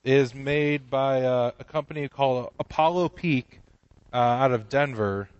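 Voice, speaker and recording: A man's voice: medium pitch, unhurried, smooth, no room sound, lo-fi sound. Rambling joking male podcast host. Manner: rambling, joking, many restarts. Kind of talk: casual comedy chat.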